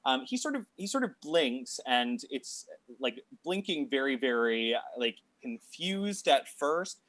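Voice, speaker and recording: A man acts as game master for a tabletop game, narrating haltingly with many fillers and restarts. His mid-range voice is very animated and fairly bright, with no room sound.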